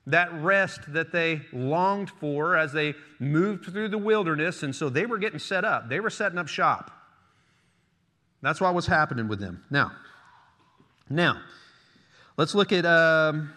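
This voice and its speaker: Animated male pastor in a reverberant hall. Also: a little high. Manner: animated preaching, reads scripture aloud and calls out to the congregation. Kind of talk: sermon. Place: church hall.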